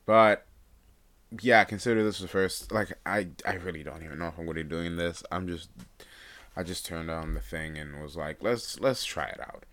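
A young man hosts a solo podcast, rambling without a script, full of fillers and restarts, his voice still groggy from having just woken up. It's deep and a bit bright, at a moderate pace.

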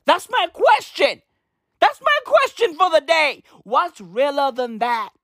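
A young man delivering a comedic rant, animated and slangy, swearing and repeating his punchlines. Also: very high voice, slow, no echo, clean studio sound. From South Africa. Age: young adult.

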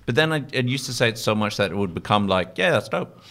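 A man's voice: lowish voice, expressive, fast talker, bright, forceful tone. A man hosting a casual podcast, joking and easygoing as he steers the chat. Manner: joking, easygoing, wraps up the show. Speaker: podcast host.

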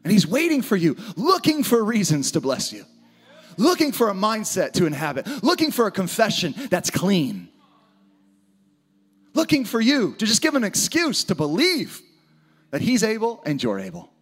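Man, pastor, energetic sermon, high voice, shouted emphasis. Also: normal speed, husky. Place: church auditorium with live audience.

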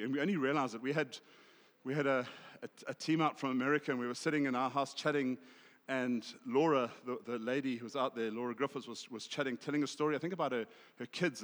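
A South African man preaching a sermon, swinging from loud emphasis to hushed asides. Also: mid-range voice, long reverb tail. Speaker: pastor.

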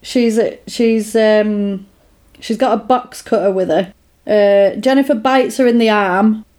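A podcast co-host with a medium-pitched, unhurried voice recaps a film in casual conversation. She retells it with real animation, laughing and putting on voices for the quoted lines.

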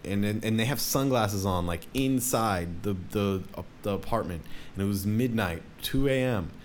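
A young man, a DJ, telling a rambling story in casual talk, swearing often and jumping up in pitch for quoted voices. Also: moderate pace, a little hiss or hum.

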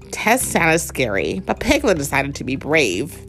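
Lively woman reading a storybook aloud. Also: low voice, unhurried, faint music behind. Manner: reads with lively put-on character voices, chats warmly between pages. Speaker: parent reading a storybook aloud to her child. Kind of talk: storybook read-aloud with chat.

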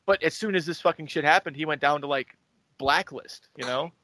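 A man's voice: on the high side, fairly quick, bright, forceful tone, dry recording. A young man co-hosting a podcast, recapping events in loose, profane casual chat. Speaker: podcast co-host.

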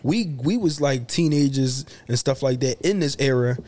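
A man's voice: mid-range voice, lively intonation, normal speed, a little mellow. A man in his thirties or forties co-hosting a podcast, telling stories in loose slangy casual chat and laughing between lines. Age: 30s to 40s. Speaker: podcast co-host.

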